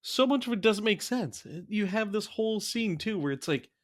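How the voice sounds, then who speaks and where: A man's voice: high-pitched, expressive, normal speed. A young adult man co-hosting a podcast, casually and incredulously retelling scenes from a bad movie. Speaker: podcast co-host. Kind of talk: casual movie review chat.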